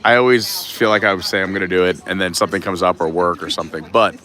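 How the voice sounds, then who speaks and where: A man's voice: sits low, steady tone, quick pace, bright, forceful tone. A man hosting a live stream, chatting casually and greeting viewers while filming on a gimbal. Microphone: gimbal camera.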